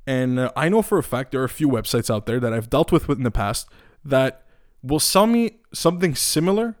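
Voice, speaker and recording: A man's voice: medium pitch, fairly quick, dry recording, clean studio sound. A young man from Eastern Europe, ranting casually with lots of swearing, restarts and fillers. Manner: profane, animated, many restarts and filler words. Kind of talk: casual rant.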